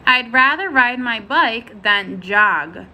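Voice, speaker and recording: A woman teaching a first-grade phonics lesson, sounding out letters and words slowly and clearly. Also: a little high, expressive, sharp tone, low-quality recording.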